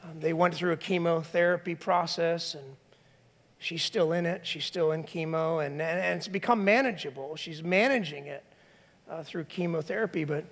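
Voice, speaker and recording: High-voiced male pastor in a reverberant hall. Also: normal speed. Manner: animated, conversational preaching, acts out quoted voices. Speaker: lead pastor. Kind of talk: sermon. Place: church sanctuary.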